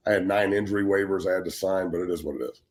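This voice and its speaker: A former pro football player of about forty, co-hosting a talk show, telling a story in a blunt, profane, emphatic way. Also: male voice, low voice, fairly even intonation, very fast, darkish tone, a little hiss or hum. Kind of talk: heated casual talk show rant.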